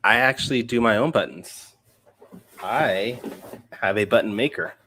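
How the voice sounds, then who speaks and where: A man's voice: on the low side, measured pace, bright, forceful tone, a little hiss or hum. A man guesting on a podcast over a video call, bantering casually and laughing easily. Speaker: guest, comic publisher. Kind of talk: casual chat.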